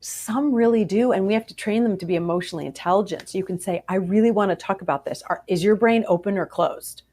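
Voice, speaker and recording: A woman psychologist answering interview questions about parenting, animated and acting out the voices of parents and kids. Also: mid-range voice, fast, a little hiss or hum. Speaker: child psychologist guest.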